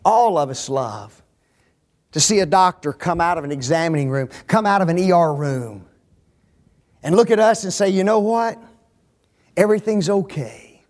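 A man preaching a sermon, dropping to near whispers and rising to shouts, asking the congregation rhetorical questions. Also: on the high side, expressive, moderate pace, pauses often. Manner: emphatic, swings from hushed to shouting, rhetorical questions.

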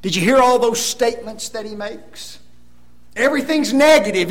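A man's voice: very high voice, lively intonation, moderate pace. A man preaching a Sunday sermon, emphatic and fond of rhetorical tag questions.

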